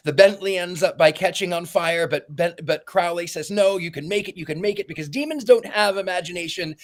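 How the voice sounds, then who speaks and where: A man hosting a podcast, casually recapping a story's plot in a rambling way, stumbling and repeating words as he goes. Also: a little high. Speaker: podcast host.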